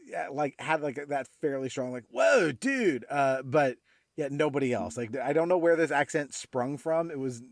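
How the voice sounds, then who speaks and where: A man's voice: medium pitch, fairly even intonation, normal speed, darkish tone, no room sound, studio quality. A man from California chatting casually about a film on a podcast, full of "like" and "uh". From Laguna Beach, California. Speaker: podcast co-host.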